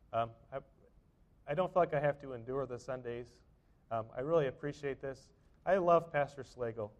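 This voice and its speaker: A man's voice: fairly high pitch, lo-fi sound. Man preaching a conversational sermon. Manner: warm conversational preaching with frequent restarts and fillers. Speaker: pastor. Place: church sanctuary.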